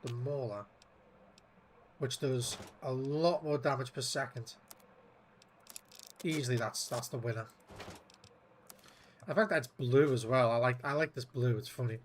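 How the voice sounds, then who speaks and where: A man's voice: mid-range voice, measured pace, pauses often, a little hiss or hum. A man giving casual gameplay commentary, muttering to himself in an offhand and profane way. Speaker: gameplay streamer.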